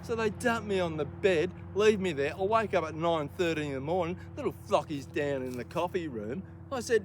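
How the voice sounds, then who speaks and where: A man's voice: high-pitched, a little fast, few pauses, a little hiss or hum. A man telling a rambling, profane story, heated and stumbling over his words.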